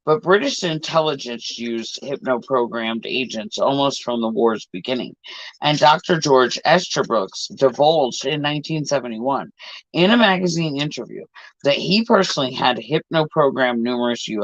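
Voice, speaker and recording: A man's voice: medium pitch, fairly bright tone, dry recording. Man reading a book aloud, dry lo-fi sound. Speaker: podcast host. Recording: dull lo-fi dry recording.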